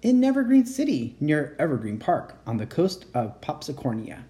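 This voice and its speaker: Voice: medium pitch, wildly swooping pitch, normal speed, mellow. A reader voicing a brave, practical nine-year-old boy in a children's storybook, cheerful and matter-of-fact. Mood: plain. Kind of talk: children's storybook read-aloud.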